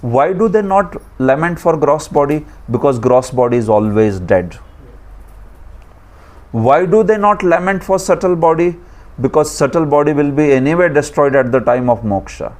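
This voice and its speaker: A man's voice: fairly high pitch, lively intonation, moderate pace, darkish tone. A man with an Indian accent teaching a scripture class, lecturing and asking his students questions, with chuckling asides.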